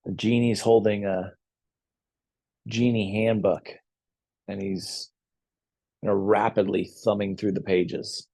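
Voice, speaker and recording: A man teaching a yoga class, telling a story in a calm, unhurried way between posture cues. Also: on the low side.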